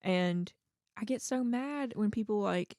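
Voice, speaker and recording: A woman's voice: medium pitch, a little slow, a little mellow, dry recording. Woman, podcast co-host, casual chat, emphatic, dry recording. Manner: defensive, emphatic. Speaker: podcast co-host and prank-call voice actor.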